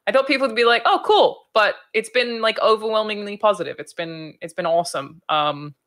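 Woman cohost on a podcast, bright voice, talks fast and excited with lots of likes and ums. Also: medium pitch. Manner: excited, chatty, many fillers. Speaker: co-host. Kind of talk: casual podcast chat.

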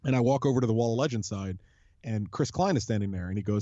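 A man's voice: lowish voice, fast, mellow, dry recording, dull audio. A man co-hosting a casual podcast about a soccer club, telling long rambling stories with lots of restarts and casual swearing. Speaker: podcast co-host, supporters' group leader.

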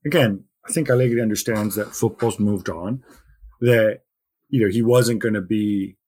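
A man giving opinions as a football pundit in a casual podcast discussion, animated and thinking aloud. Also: lowish voice, moderate pace, breathy edge.

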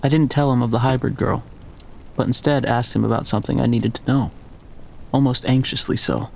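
Man, gravelly narrator, mid-pitched, first-person storytelling. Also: steady tone, brisk, a little mellow, soft background music. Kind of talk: scripted audiobook narration.

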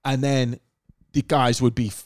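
A man's voice: medium pitch, level tone, a little slow, no room sound, studio quality. A man in casual podcast chat, telling a long story with many fillers and restarts. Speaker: podcast host.

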